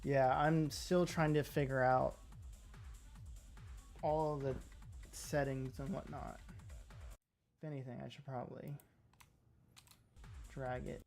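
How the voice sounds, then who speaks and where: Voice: mid-range voice, fairly even intonation, takes it slowly, gravelly, pauses often, darkish tone. A livestreamer in casual stream chat at a home setup, rambling with many fillers and poking fun at themselves. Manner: rambling, filler-heavy, self-deprecating. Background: faint music and keyboard typing.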